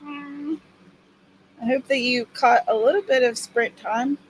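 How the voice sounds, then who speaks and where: A woman with a fairly high voice hosts a casual writing-sprint livestream, cheering viewers on by name in an upbeat way. A faint hiss of background noise sits under her voice from a home desk mic. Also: fairly even intonation, measured pace, poor audio.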